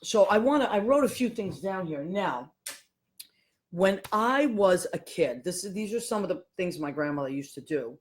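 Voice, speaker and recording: Woman, fifties, casual storytelling, animated, acts out voices, podcast host, mid pitch. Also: normal speed. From Boston, USA. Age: 50s. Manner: animated, acts out voices of people in her stories.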